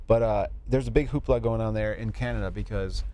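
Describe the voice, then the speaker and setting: A man hosting a podcast in casual chat, laughing often and filling pauses with "uh" and "um". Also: on the low side, warm tone. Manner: laughs often, hesitant fillers. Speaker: podcast co-host.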